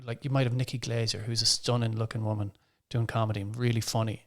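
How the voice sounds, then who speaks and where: A man's voice: medium pitch, flat delivery, fast talker. An Irish man, a stand-up comedian, talking as a guest on a casual podcast in a wry, grumbling, self-deprecating way.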